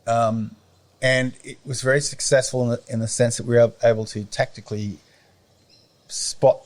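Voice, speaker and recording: A middle-aged Australian man chatting as a podcast guest, rambling and often pausing to search for words. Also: medium pitch, little pitch movement. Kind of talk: casual conversation.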